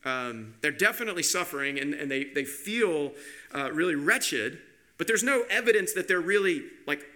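A man's voice: fairly high pitch, expressive, normal speed, pushed and bright. A man voicing God as a hurt, weary male neighbor who chats casually and confides over the fence, in a sermon illustration. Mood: uncertain.

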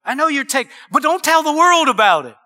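A middle-aged man preaching a sermon, animated and calling the congregation for amens, laughing at his own jokes. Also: extremely high pitch, a little fast. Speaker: pastor.

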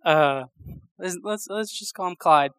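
A man's voice: high voice, a little slow, a bit bright, clean tone, dry recording. A young man preaching a sermon in a casual, rambling storytelling way, with lots of fillers and restarts.

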